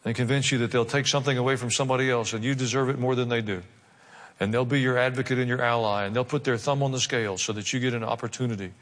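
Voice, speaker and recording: A man's voice: mid-range voice, fairly even intonation, fast, a bit bright. A male pastor preaching a sermon, mixing wry jokes with dramatic emphasis. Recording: long hall reverb.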